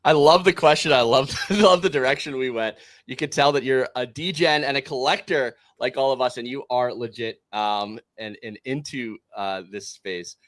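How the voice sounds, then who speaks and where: A man's voice: mid-range voice, normal speed, hardly any pauses, a bit bright, dry recording. A man hosting a casual podcast, laid-back and self-deprecating, with crypto slang. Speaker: podcast host.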